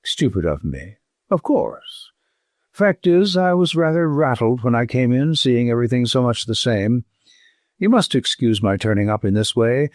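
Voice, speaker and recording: A man voicing a nervous, bewildered middle-aged gentleman who speaks in halting, distracted bursts. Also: mid-range voice, very animated, no echo, clean studio sound, lightly acted.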